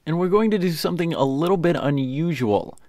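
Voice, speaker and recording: A man co-hosting a podcast, speaking in a measured, explanatory way in casual chat. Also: a little high, animated, a little mellow, no echo, clean studio sound. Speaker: podcast co-host.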